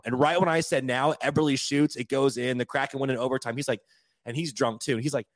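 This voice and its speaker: A young man co-hosting a podcast, telling a story in casual chat, animated and quick to laugh, swearing now and then. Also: medium pitch, no room sound. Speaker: podcast co-host.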